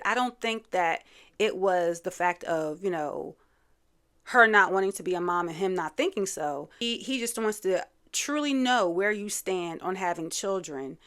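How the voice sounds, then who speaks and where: A woman's voice: mid-range voice, expressive, normal speed, a bit bright. A woman hosting a casual reality TV recap, chatty and opinionated, full of fillers and asides. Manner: chatty, opinionated, lots of "you know" fillers.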